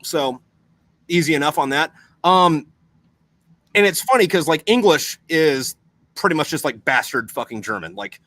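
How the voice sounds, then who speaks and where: A man's voice: medium pitch, dry recording. A young man chatting casually on a podcast, rambling and swearing constantly as he explains things. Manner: profane, rambling, animated.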